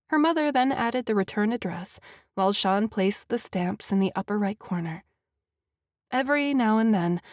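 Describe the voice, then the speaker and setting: Vrouw die een romance-luisterboek voorleest. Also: female voice, mid-range voice, darkish tone, no echo, clean studio sound. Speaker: author reading her own novel. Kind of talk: audiobook narration.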